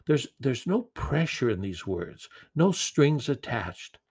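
A man delivers a sermon in an earnest, gentle manner. His mid-range voice carries a gravelly edge. He sometimes repeats a word as he goes. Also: mid-range voice, sing-song, slow pace. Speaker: preacher.

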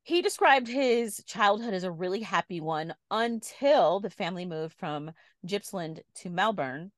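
A woman's voice: mid-range voice, animated, unhurried, dry recording. A woman co-hosting a podcast, telling a story in a chatty way and laughing easily. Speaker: podcast co-host. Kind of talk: casual chat, storytelling.

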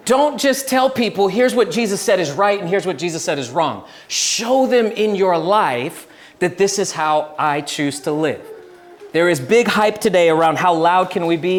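A young man giving a relaxed, chatty sermon, telling stories with laughs and restarts. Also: high voice. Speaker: pastor. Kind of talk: casual sermon with storytelling.

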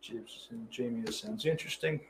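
A man's voice: mid-range voice, a little fast, slight background noise. Profane offhand man chatting. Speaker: livestream host reading chat. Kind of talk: casual rambling chat.

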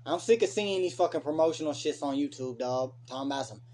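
Young man, podcast host, profane rant, fairly high voice, mellow tone. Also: fairly quick, hardly any pauses, slight background noise. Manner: profane, ranting, animated opinions. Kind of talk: casual late-night podcast chat.

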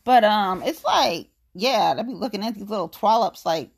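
A woman in her late thirties with an African American English accent delivers a casual political rant. She is blunt and profane, and she talks with fired-up conviction in a voice of middle pitch. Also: animated, moderate pace, gravelly, hardly any pauses, husky. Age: 30s.

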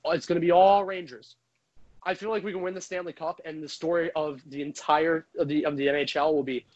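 A man with a high voice rants heatedly about hockey as a frustrated fan, swearing freely. He speaks into a microphone. The recording sounds dull and lo-fi. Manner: heated, profane, frustrated ranting. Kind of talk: ranting sports commentary.

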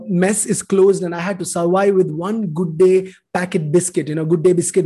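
A man's voice: high-pitched, mellow. A man, telling his life story in an earnest, emotional testimony sermon. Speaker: preacher giving a testimony.

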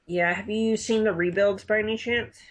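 Relaxed person in their twenties chatting. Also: medium pitch, moderate pace, low-quality recording. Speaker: conversation partner. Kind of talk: casual chat.

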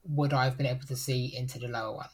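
A man's voice: medium pitch, flat delivery, fast, husky. A man playing a tabletop game, asking stammering questions about his turn. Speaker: player. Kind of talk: casual tabletop game play.

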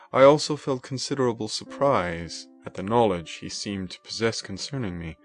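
A man narrating a classic novel as an audiobook in a dramatic, emotive first-person reading. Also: low voice.

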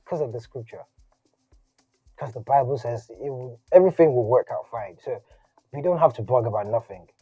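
A man giving a casual, conversational sermon, animated and slangy in his asides. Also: mid-range voice, moderate pace, slightly rough, dry recording. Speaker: preacher. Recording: dull lo-fi audio, faint music.

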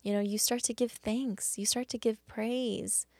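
A woman hosting a faith devotional talk, speaking earnestly and haltingly with many restarts. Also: a little high, steady tone, dark tone, no room sound, clean studio sound. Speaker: podcast host.

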